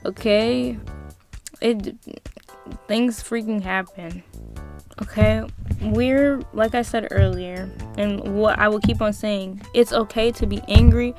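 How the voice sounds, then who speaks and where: A woman's voice: mid-range voice, fairly even intonation, takes it slowly, a little mellow, soft background music. A young adult woman vlogging a passionate motivational monologue, emphatic and repetitive, with casual swearing.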